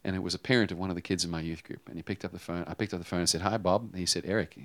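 A man preaching a sermon, telling a personal story with animated swings between loud emphasis and hushed tones. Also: sits low, rapid-fire. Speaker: pastor.

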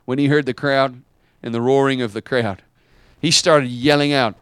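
A man preaching a sermon as pastor, dramatic, swinging from quiet asides to shouted lines. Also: medium pitch, steady tone, moderate pace, hardly any pauses, clear, resonant tone, no room sound.

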